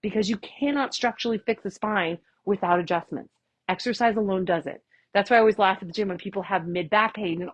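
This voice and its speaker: A woman's voice: mid-range voice, lively intonation, fairly quick, dry recording. A woman chiropractor giving a workshop talk, sassy, blunt and fired-up, chatting casually with her audience. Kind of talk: live workshop lecture.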